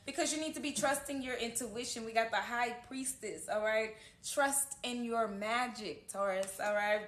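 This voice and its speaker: Woman doing a casual tarot reading at home, earnest and encouraging, tense bright tone, kinda echoey. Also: on the high side. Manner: earnest, encouraging, often tags lines with "okay?". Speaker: tarot reader. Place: home room. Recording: echoey room.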